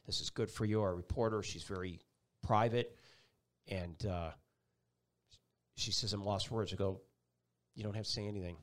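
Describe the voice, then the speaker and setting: A man's voice: deep voice, normal speed, long pauses. A middle-aged man, a TV meteorologist and guest, telling a personal story with feeling and acting out the people in it. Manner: animated, acts out voices in his story.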